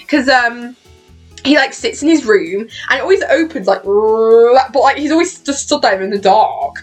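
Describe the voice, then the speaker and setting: A woman's voice: a little high, expressive, moderate pace, faint music behind. A young British woman with a British accent, chatting casually on her vlog, laughing often and swearing freely. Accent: British English. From Britain. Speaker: vlogger. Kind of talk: casual chat about a TV show.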